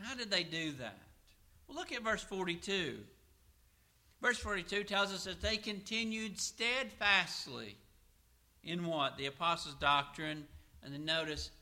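A middle-aged man preaching a sermon, asking questions and answering them himself, and slowing down to read scripture aloud. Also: sits high, pushed and bright. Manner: asks and answers his own questions.

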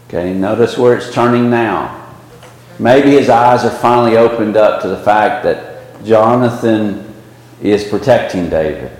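A man teaches a small church Bible class in a loose, conversational way, stopping to restart his sentences. His voice sits on the low side. The room is very echoey, with a long reverb tail. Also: measured pace, darkish tone. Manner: conversational, with frequent fillers and restarts.

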